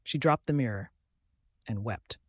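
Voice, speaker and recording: A man narrating a folktale in a dramatic, measured way. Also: medium pitch, no echo. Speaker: storyteller.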